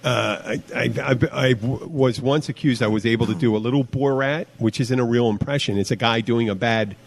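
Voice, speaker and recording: A man's voice: medium pitch, brisk. A man co-hosting a podcast in casual chat. He rambles, trails off mid-sentence and swears casually. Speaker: podcast co-host, bartender.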